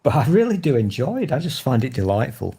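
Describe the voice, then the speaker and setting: A man's voice: mid-range voice, very animated, fast talker, creaky, dark tone, slightly rough. A man in his thirties with a Northern English accent, chatting casually, swearing freely and teasing himself and others. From Northern England. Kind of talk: casual chat.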